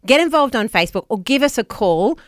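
A woman's voice: a little high, very animated, brisk, dry recording, studio quality. Bubbly woman radio co-host. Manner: bubbly, laughs often. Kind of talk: casual radio chat.

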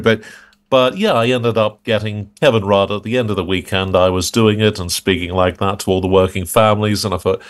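Lower-voiced man telling stories. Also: fairly quick. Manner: animated storyteller, frequent restarts, laughing. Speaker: guest impressionist. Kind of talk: interview chat.

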